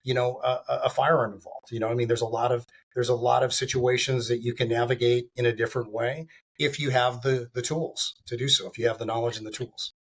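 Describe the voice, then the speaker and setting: A man's voice: mid-range voice, level tone, brisk, slightly rough. A man speaking as a guest on a podcast interview, talking in a rambling way with lots of fillers and restarts. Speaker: guest, firearms training company founder.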